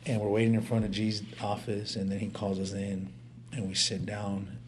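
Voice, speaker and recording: A man with a fairly low voice tells his personal story in an earnest, heartfelt way. His speech is casual and full of slang, with stammered restarts along the way. A faint hiss sits under the recording. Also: monotone, moderate pace. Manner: uses casual street slang. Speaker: speaker sharing his life story.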